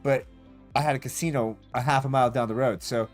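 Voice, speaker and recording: A man's voice: mid-range voice, fast, faint music behind. Profane rambling male streamer. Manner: profane, rambling, animated retelling with laughs. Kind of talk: casual storytelling while streaming.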